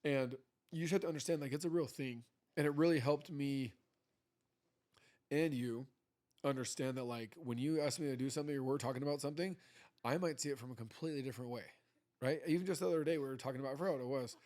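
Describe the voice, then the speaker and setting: A man's voice: mid-range voice, fast talker, a little mellow. A man in his thirties co-hosting a podcast with his wife, talking in a loose, rambling way and acting out quoted exchanges. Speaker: podcast co-host. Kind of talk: casual chat.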